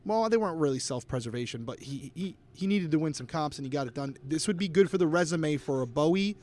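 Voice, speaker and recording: A young man co-hosting a podcast, calling a live watch-along with excitable play-by-play commentary. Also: a little high, quick pace, a little hiss or hum. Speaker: podcast co-host.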